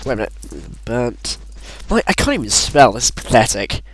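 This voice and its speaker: A man chatting excitedly while playing a game, laughing often and swearing when flustered. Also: mid-range voice, normal speed, slight background noise, rough recording. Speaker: player. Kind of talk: casual gaming chat.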